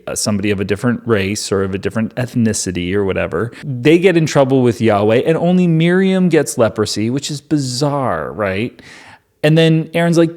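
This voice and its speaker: A man's voice: medium pitch, a little mellow. A man reading scripture aloud and breaking off into joking, sarcastic commentary. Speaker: Bible reader and commentator. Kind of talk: casual Bible reading with commentary.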